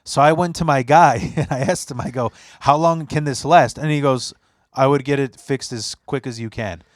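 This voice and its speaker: Clean studio sound with no room noise captures a young man hosting a podcast. His pitch is medium and his pace normal. He tells stories casually with lots of energy, voicing quotes and swearing plenty.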